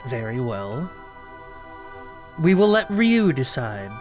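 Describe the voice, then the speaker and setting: A man reading aloud the lines of a calm, commanding female goddess from a video game, in a lowered, solemn voice. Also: slow, music in the background.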